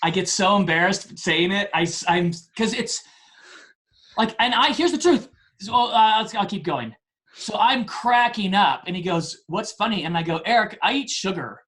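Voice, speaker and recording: A man in his forties, a podcast guest telling a story in a casual, animated way, often laughing and poking fun at himself. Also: sits high, moderate pace. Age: 40s.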